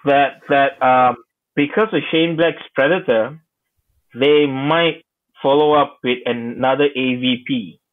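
A man co-hosting a casual film chat, often repeating words and pausing with fillers while he thinks. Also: medium pitch, narrow, tinny audio. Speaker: podcast co-host.

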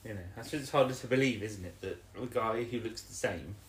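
A man's voice: on the low side, fast, roomy sound, slight background noise. A man co-hosting a casual podcast, rambling and hesitant, with plenty of fillers and jokey asides. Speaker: podcast co-host. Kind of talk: casual chat.

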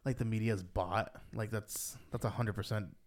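A man co-hosting a podcast, chatting casually and rambling with lots of "like", his voice rising when he gets worked up. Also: moderate pace. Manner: rambling, heavy use of "like", rises in pitch when animated. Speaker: podcast co-host. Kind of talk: casual chat.

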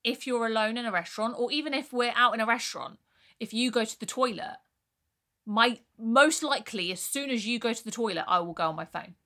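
A woman's voice: a little high, a little fast, sharp tone. A young woman co-hosting a podcast, talking candidly and casually, with the odd swear word. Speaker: podcast co-host. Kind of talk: casual chat.

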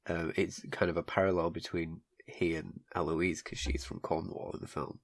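A man co-hosting a casual film review podcast, calm and laid-back. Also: low voice, moderate pace, vocal fry. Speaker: podcast co-host.

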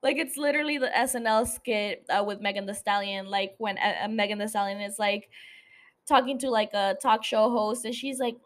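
A young woman hosting a casual recap podcast, animated and swearing freely, laughing often as she talks. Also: mid-range voice, normal speed. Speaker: podcast host.

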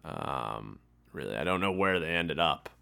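A man's voice: very deep voice, lively intonation, a little slow, vocal fry, sharp tone. A young man hosting a casual solo podcast, rambling and laughing at himself as he talks. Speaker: podcast host.

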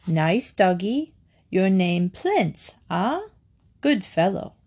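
A woman's voice: lowish voice, very animated, a little mellow, heavily acted. A woman doing a kind, jolly old man. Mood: friendly. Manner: slow, simple phrasing.

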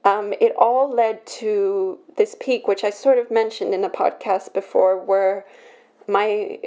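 A young woman opening up on a podcast, her mellow, warm voice catching as she restarts her sentences. She sounds emotional and hesitant, speaking at a middling pitch. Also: fairly even intonation. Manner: emotional, halting, many restarts. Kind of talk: personal confessional talk.

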